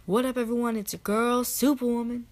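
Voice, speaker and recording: A woman doing an impression of an upbeat female online video host reciting her catchphrase intro and sign-off, louder and higher than her own voice. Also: flat delivery, fairly quick, natural voice. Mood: hyped. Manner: loud, bouncy catchphrase delivery.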